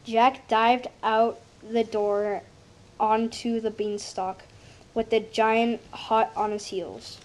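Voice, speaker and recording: A woman reads a children's picture book aloud. She takes it slowly and reads with expression. Her voice sits fairly high. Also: level tone. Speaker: story reader.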